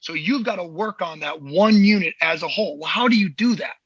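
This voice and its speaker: A man's voice: sits high, fairly quick, slightly rough, dry recording, lo-fi sound. A man hosting a podcast as a movement coach, talking in a blunt, heated and profane way. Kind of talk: casual podcast chat.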